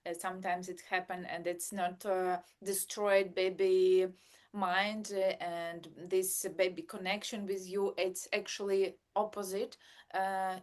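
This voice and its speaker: Woman halting over her words. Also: medium pitch. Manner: halting, searching for words in simple English. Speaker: podcast co-host, mother of a baby. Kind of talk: casual podcast chat.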